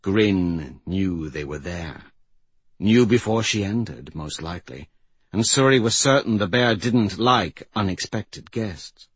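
A man narrating a fantasy audiobook in a slow, measured storytelling voice. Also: low voice, expressive, husky, no room sound.

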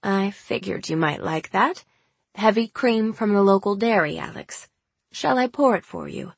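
A woman reading as a gentle old grandmother. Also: mid-range voice, very animated, normal speed, gravelly, husky, no room sound, exaggerated voice. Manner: gentle, welcoming.

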